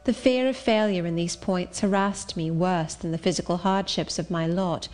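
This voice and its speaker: A woman narrating an audiobook in a clear, measured, literary manner. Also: on the low side, steady tone, a little mellow, faint music behind. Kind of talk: scripted narration.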